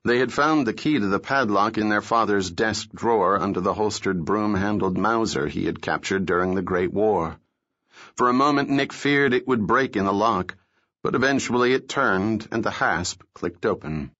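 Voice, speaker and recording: A man narrating an audiobook in a steady, measured storytelling manner. His voice sits fairly low, and the recording sounds dull and lo-fi.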